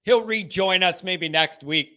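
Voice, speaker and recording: A man hosting a live call-in sports show, chatting in an animated, rambling way and often chuckling. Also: high voice, measured pace. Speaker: show host.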